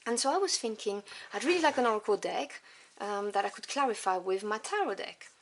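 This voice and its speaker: A woman whose first language is French, reviewing tarot cards one by one. She lists each card softly and without hurry, adding fond little asides. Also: mid-range voice, animated. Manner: soft, unhurried listing with fond asides.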